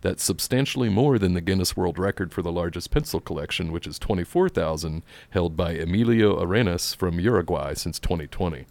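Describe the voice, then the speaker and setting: A man's voice: sits low, animated, creaky, a little mellow, no echo. A man co-hosting a casual podcast, reading a news item and bantering with frequent laughs. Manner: laughs often, quick banter. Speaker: podcast co-host.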